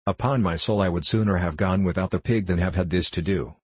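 A gentle young working man, earnest and soft-hearted, read by a man in a deep voice. His tone is husky and low. The reading sounds dry and close. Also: brisk, no room sound. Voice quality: earnest, pleading.

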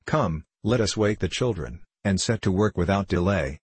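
A man reading the part of a cheerful, steady mother. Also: sits low, moderate pace, husky, no echo.

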